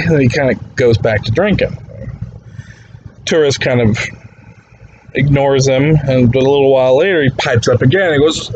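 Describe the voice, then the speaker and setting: A man speaks slowly and deadpan into a phone from his bed, keeping his tone low-key throughout. His pitch sits mid-range. A faint hiss of noise runs under the recording. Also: rough recording. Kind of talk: deadpan joke-telling video message. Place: bedroom.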